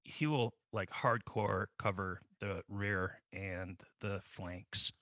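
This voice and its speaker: A man taking his turn as a player in a tabletop game, slowly and with some hedging. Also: low voice, fairly even intonation, pushed and bright, no room sound. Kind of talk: casual tabletop game chat. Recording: dull, lo-fi stream audio.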